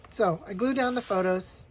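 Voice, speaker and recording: A woman's voice: mid-range voice, slight background noise, rough recording. A woman vlogger telling an emotional personal story while crafting a journal page, tearful at times and laughing as she remembers. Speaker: vlogger making a grief journal.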